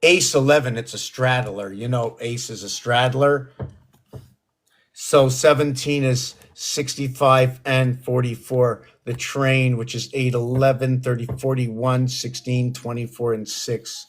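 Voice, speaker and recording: A man's voice: mid-range voice, fairly even intonation, a little slow. A man hosting a solo livestream, musing in a rambling, meandering way about numbers and hidden meanings. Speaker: livestream host.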